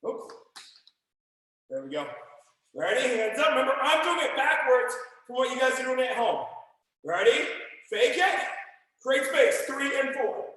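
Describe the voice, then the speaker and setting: A man teaching a martial arts class online, calling out drill commands with loud, energetic coaching. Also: extremely high pitch. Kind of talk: live online class instruction. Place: martial arts studio, indoors. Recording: echoey room with long reverb.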